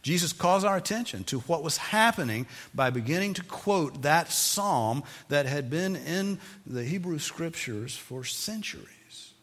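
A man's voice: on the high side, expressive, a bit bright, long reverb tail. Man preaching a scripture-reading sermon. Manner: reads scripture aloud then explains it in measured teaching tone.

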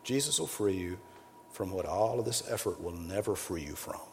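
A man's voice: animated, moderate pace, slight background noise. Guy preaching a sermon, voice swings way up and down, long echo off the hall. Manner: emphatic, rises to loud peaks then drops low. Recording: long hall reverb, faint ambience.

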